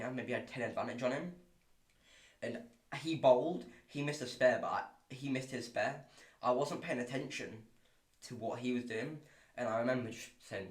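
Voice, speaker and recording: A young man, hosting a podcast and telling a bowling story in casual chat, rambling with many restarts. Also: mid-range voice. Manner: rambling, many restarts, animated when excited. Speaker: podcast host and bowler. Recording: echoey room.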